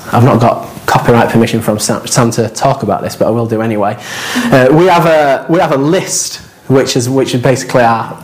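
A male pastor delivers a sermon in a relaxed, conversational way. He tells anecdotes and acts out quoted asides, and his voice sits at an ordinary middle pitch.

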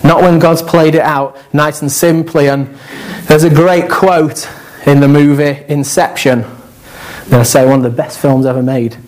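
A man preaching a conversational sermon, animated and joking, with asides to the congregation. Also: a little high, a little slow, poor audio.

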